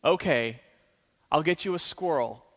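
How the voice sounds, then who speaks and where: A man's voice: fairly high pitch, expressive, a little slow, fairly bright tone, long reverb tail. A man voicing an indulgent, rich father coaxing his spoiled daughter, in a sermon. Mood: placating. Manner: placating, coaxing.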